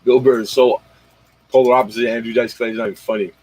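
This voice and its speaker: A man's voice: mid-range voice, little pitch movement, quick pace, a little mellow, breathy edge, no room sound, low-quality recording. A man hosting a casual late-night livestream, rambling in slang and talking straight to his viewers. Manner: rambling, slangy, talks straight to viewers, retells comedy bits. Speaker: livestream host.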